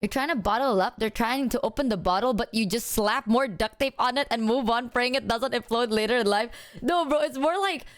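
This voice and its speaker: Animated, foul-mouthed woman streamer, higher voice. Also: a little fast, hardly any pauses. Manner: animated storytelling, acting out both sides of a conversation; swears freely. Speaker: livestreamer. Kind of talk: casual chat.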